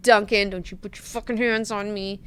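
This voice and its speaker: A woman's voice: mid-range voice, steady tone, normal speed, clean tone, natural voice. A woman voicing a curt, hostile young woman who snaps and curses. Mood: irritated. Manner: curt and cursing.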